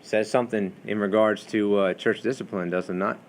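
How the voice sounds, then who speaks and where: A man's voice: on the low side, fairly even intonation, brisk, slight background noise. A man teaching a Bible study class in a classroom, lecturing in a conversational way and asking the students questions, with many fillers.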